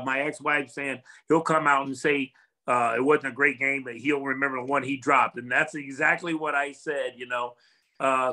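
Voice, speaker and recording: A man's voice: medium pitch, bright, forceful tone, low-quality recording. An older man, a former football player, talking as a guest in a casual interview, earnest and reflective, rambling with restarts.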